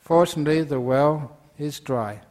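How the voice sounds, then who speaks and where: A man's voice: a little high, normal speed, darkish tone. A man, a Buddhist monk, giving a dharma talk and telling stories playfully while laughing at his own jokes.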